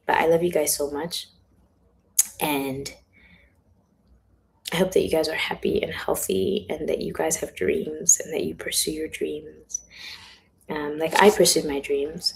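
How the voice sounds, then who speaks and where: A young woman with a low voice talks into her phone on a livestream, slipping into whispers now and then. Her tone is gravelly with plenty of fry, and a faint hiss of room noise sits behind her. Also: fairly even intonation, moderate pace, low-quality recording. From South Africa. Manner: chatty, drops into hushed whispers. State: has a headache. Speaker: author on a livestream. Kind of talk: casual livestream chat. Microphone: phone or webcam livestream.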